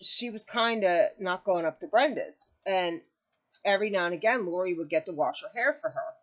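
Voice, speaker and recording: A woman's voice: on the low side, normal speed, highs cut off. A middle-aged woman hosting a craft channel, chatting casually and emotionally telling a family story to viewers.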